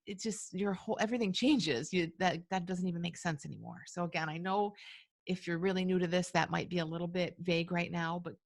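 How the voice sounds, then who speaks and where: A woman with a low, gravelly voice hosts a live webinar and answers questions from listeners. She talks in a reflective, searching way with plenty of fillers. The sound is dry and close. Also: dry recording. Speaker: webinar host and coach.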